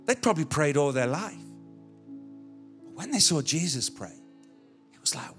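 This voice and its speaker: A man's voice: a little high, very animated, moderate pace, long pauses, fairly bright tone, faint music behind. A male pastor preaching a sermon in a conversational, illustrative way, with touches of humor. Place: church.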